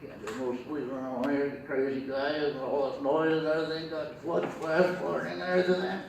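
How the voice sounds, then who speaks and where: A man voicing a grumpy, sleepy male puppet shut inside a trunk, in a muffled, high, strained voice. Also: expressive, normal speed, a bit bright, far from the mic, a little hiss or hum. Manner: complaining, cranky. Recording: echoey room from afar.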